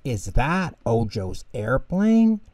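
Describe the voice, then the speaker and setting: A man's voice: mid-range voice, animated, measured pace, mellow, dry recording, voice pushed up. A man voicing a stubborn little boy mouse in a bedtime storybook, insistent and sulky.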